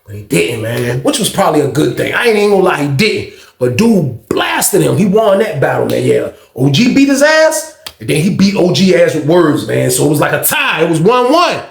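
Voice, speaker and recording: A man spins a casual, slangy anecdote with lively swearing. His voice runs high for a man and gravelly, and it echoes in a roomy space. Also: moderate pace. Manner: animated, slangy, swearing storyteller. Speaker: storyteller. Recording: echoey room.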